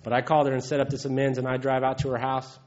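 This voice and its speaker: A man's voice: mid-range voice, monotone, racing, a little mellow. A man gives a heartfelt, folksy personal testimony at a recovery meeting, often chuckling. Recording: dull lo-fi recording.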